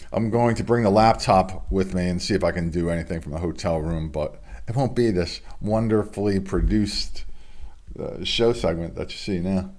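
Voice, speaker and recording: A man with a low, deep voice runs through local sports announcements from his home studio. He reads names and results in a relaxed, casual way and drops in chatty asides between items. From United States. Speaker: sports news host.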